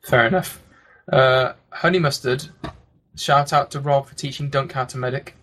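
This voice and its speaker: A man commentating a live online game match, talking quickly with lots of fillers. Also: mid-range voice, steady tone, fairly bright tone. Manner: rapid play-by-play with frequent fillers. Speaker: esports commentator.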